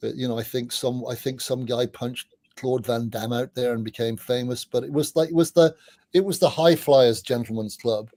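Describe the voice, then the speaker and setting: A middle-aged man, a podcast guest, telling anecdotes in a chatty way, often restarting his sentences and dropping in quick asides. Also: mid-range voice, fairly even intonation, warm tone, no room sound. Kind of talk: casual anecdotal storytelling.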